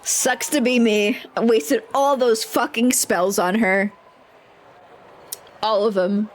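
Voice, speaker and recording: A woman's voice: a little high, steady tone, takes it slowly, a little hiss or hum. A woman livestreaming a role-playing game, chatting with viewers in a rambling, profane, self-mocking way. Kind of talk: casual gameplay chat with viewers.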